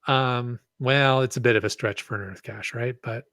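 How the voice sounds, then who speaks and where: A man's voice: mid-range voice, steady tone, moderate pace, a bit bright, dry recording. A man chatting as a guest on a podcast, rambling and hesitant, full of ums and restarts. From Canada. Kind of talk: casual podcast chat.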